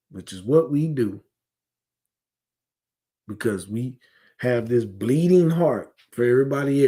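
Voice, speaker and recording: A man with a medium-pitched, warm voice teaches a scripture class. His delivery is heated yet conversational, full of rhetorical questions and frequent digressions.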